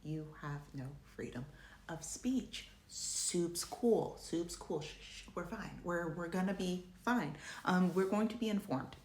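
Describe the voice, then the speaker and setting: Sarcastic woman in an echoey room. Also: unhurried. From United States. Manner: sarcastic, joking asides, animated pitch swings. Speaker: journalist and commentator. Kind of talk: casual video essay commentary.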